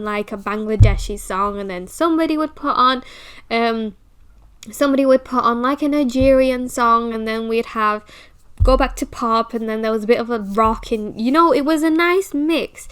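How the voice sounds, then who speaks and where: A woman's voice: a little high, smooth. A woman in her twenties, telling her own story in a candid, chatty way with some swearing. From Britain. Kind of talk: casual personal storytelling.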